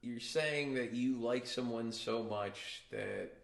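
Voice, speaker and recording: A man's voice: medium pitch, slow pace, gravelly. Rambling joking man, echoey room. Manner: rambling, joking, slips into mock voices. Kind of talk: casual chat.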